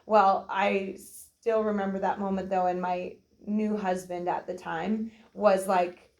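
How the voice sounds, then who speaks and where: A woman talks through a personal story at an easy, chatty clip, pitched at an everyday middle. She gets animated, slipping into little acted-out voices as she goes. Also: slow pace, gravelly. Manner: chatty, animated, acts out quoted voices, laughs often. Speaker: co-host of a nutrition workshop. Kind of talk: casual storytelling talk.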